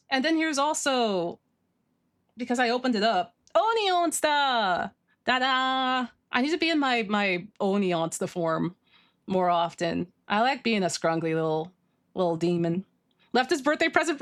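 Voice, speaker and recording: A woman livestreaming, chatting casually with her viewers, gushing and excitable as she reads chat. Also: on the high side, normal speed. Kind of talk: casual stream chat, reading chat.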